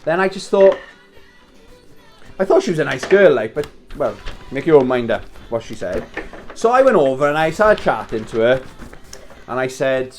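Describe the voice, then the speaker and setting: A man's voice: medium pitch, sing-song, moderate pace, long pauses, faint music behind. A Welsh man in his thirties telling a rambling story in casual chat, swearing and laughing as he wraps presents at home. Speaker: vlogger.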